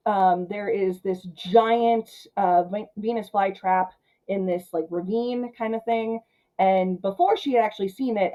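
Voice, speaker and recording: A woman hosting a casual film recap, chatty and full of filler words, who acts out the characters' lines in quick paraphrase. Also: mid-range voice, warm tone, poor audio. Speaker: film channel host.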